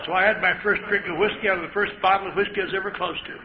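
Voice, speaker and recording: An older man holds forth at a recovery meeting, spinning wry, self-deprecating tales and slipping into the voices of the people in them. His voice sits a little high for a man. The live recording is muffled and carries steady hiss. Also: rapid-fire. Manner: wry, self-mocking storyteller, acts out voices. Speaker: AA speaker. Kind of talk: storytelling talk to an audience. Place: large meeting hall. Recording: dull lo-fi live tape with hiss.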